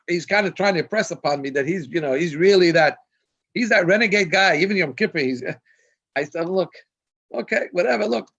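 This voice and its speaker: Rabbi telling a funny story, fairly high voice. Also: male voice, lively intonation, normal speed, a bit bright. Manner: anecdotal, laughing at his own jokes. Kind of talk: storytelling on a video call. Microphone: video call. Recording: dull lo-fi video call audio.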